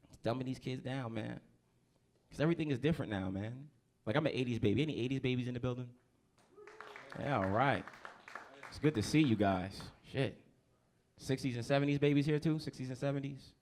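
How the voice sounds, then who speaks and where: A man's voice: mid-range voice, creaky, a little mellow. A man in his thirties from New Jersey doing a stand-up set in a comedy club, brash and profane, working the crowd.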